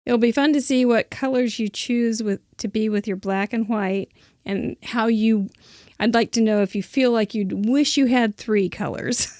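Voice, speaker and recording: A woman's voice: a little high, normal speed, darkish tone, dry recording, clean studio sound. A woman hosting a live crafting show, chatting casually while she works and laughing often. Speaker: host.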